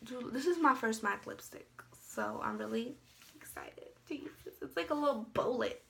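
Bright, gravelly-voiced young woman vlogger. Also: fairly high pitch, moderate pace. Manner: chatty, rambling, lots of "like" fillers. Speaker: beauty vlogger. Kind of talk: casual haul chat.

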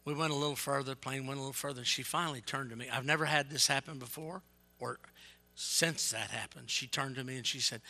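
A man evangelist preaching a sermon, telling stories with energy and yelling to get his point across. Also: mid-range voice, quick pace. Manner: yells and gets fired up; animated storytelling.

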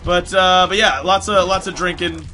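A man with a sore, strained voice, rambling excitably through casual commentary on a game he is playing. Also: high voice, normal speed. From United States. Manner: rambling, excitable, swears often. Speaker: gaming commentator. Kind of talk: casual let's play commentary.

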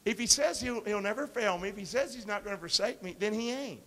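High, bright-voiced preacher in a reverberant hall. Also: male voice, quick pace, few pauses. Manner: call-and-response preaching, quoting scripture; swings from soft asides to loud emphatic lines. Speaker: pastor. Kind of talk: sermon. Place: church sanctuary.

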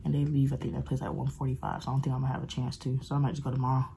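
Young woman vlogger, low voice, rambling casual chat into a handheld phone, noticeable background noise. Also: flat delivery, rapid-fire, creaky. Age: 20s. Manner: chatty, rambling, uses dialect slang. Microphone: phone camera held close.

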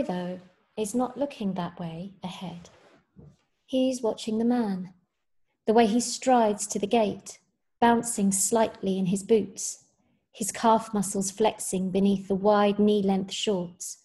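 Mellow-voiced woman reading a story. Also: mid-range voice. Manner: measured, expressive storytelling. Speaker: teacher. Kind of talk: reading a short story aloud.

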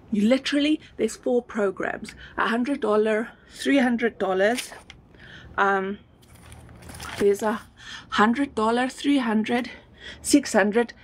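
A South African woman doing a live-streamed sales pitch for an online business. She is emphatic, repeats words over and over, and sounds slightly out of breath. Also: slightly rough.

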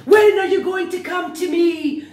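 A woman's voice: measured pace, echoey room, distant mic. A woman putting on the voice of a clingy, melodramatic lover who is waiting to be loved back. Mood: pleading. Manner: shouted, high and theatrical.

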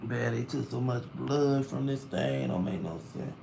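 A man chats on a phone live stream from a hospital room. He sounds tired, with a gravelly edge to his voice. He vents and complains freely while a faint hiss sits under the recording. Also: medium pitch, a little slow. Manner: chatty, vents and complains loudly about hospital bills. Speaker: livestreamer reading comments. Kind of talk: casual live stream chat.

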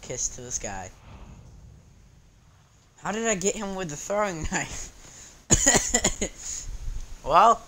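A gaming channel host giving live gameplay commentary, excitable and chatty with viewers, yelping and shouting when something happens in the match. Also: medium pitch, takes it slowly, pauses often. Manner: excitable, yelps and shouts at game moments; chatty, talks to viewers between rounds.

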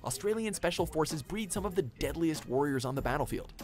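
A man's voice: on the high side, expressive, a little fast, faint music behind. A man reading a scripted narration for a top-ten list video, punchy with wry asides.

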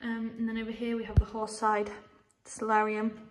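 A woman's voice: on the high side, monotone, normal speed. A young woman, casually chatting as she gives a walking tour of a horse yard. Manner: chatty, rambling, coos at the animals. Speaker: stable staff member giving a tour.

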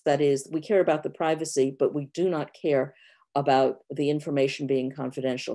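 Woman, 60s, from New York; low voice, frank explanatory answers over a video call. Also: mellow. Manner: frank, explanatory, many fillers. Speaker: guest professor. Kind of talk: online Q&A answers.

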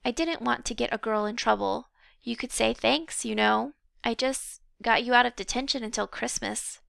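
A woman reading the lines of a cocky, easygoing schoolboy who talks in a relaxed, smug way. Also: fairly high pitch, normal speed, gravelly, dry recording.

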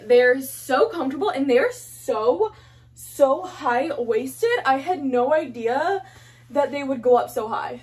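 Speaking to her phone camera from home, a young fashion haul vlogger gushes in a high, light, slightly rough voice. Her casual chat is unhurried yet breathlessly excited, bubbly and packed with fillers as she trails off and starts again.

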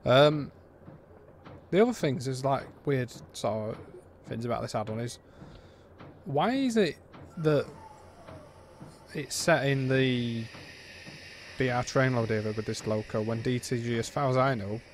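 British man, game reviewer, blunt, exasperated, rambling, mid-pitched voice, faint background hum. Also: unhurried, pauses often. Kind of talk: casual review commentary.

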